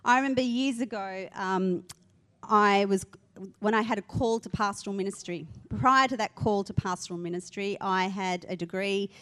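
A woman's voice: medium pitch, moderate pace, fairly bright tone. A middle-aged woman pastor, preaching a sermon in a conversational way and leading the audience in simple actions.

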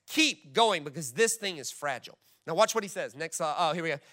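A man's voice: a little high, lively intonation, a little fast, bright, forceful tone. A man preaching a sermon, emphatic and direct, reading scripture aloud to his congregation. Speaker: pastor.

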